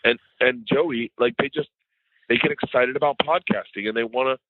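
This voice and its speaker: A middle-aged man, a comedian guest at home, telling rambling, animated stories in a casual interview. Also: medium pitch, normal speed, a little hiss or hum. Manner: rambling, animated storyteller who mimics others in conversation. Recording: tinny phone-like line.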